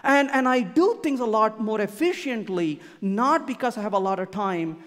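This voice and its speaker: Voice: medium pitch, lively intonation, moderate pace, a bit bright. A conference speaker giving a keynote talk, emphatic and repeating key points for emphasis. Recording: long hall reverb.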